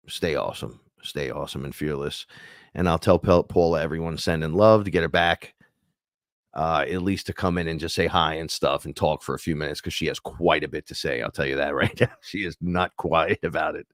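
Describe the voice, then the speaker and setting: Brief: very low-voiced New host, loose profane live-stream rambler, dry close sound. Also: male voice, no echo. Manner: rambling, profane, laughs often. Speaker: podcast host. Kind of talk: casual live-stream monologue.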